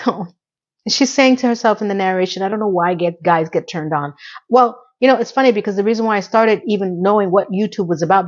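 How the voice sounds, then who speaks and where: A middle-aged woman talks through a TV episode in a relaxed vlog style, dropping sarcastic comments and running asides along the way. Her voice sits at an ordinary middle pitch. The recording sounds a bit dull and lo-fi. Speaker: TV episode recapper. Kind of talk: casual recap vlog. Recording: slightly dull lo-fi audio.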